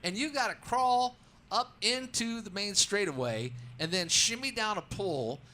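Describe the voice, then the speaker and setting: Radio guest: male track announcer, punchy bright voice, excitable storyteller, slightly high. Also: moderate pace, slight background noise. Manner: excitable, acts out his own calls, many restarts. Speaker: racetrack announcer, show guest. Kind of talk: animated storytelling in a radio interview.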